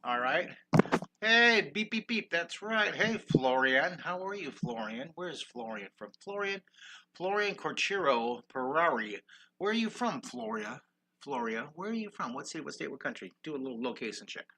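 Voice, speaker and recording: A man's voice: medium pitch, animated, normal speed, pushed and bright, slight background noise. An older man teaching a live-stream drawing lesson, upbeat and encouraging, greeting viewers while he draws.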